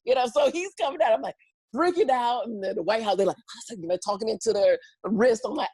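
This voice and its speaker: A woman guest telling a story in an animated way, laughing often and acting out what people said. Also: a little fast, slightly rough, no echo. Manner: acts out quotes in loud high voices. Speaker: podcast guest.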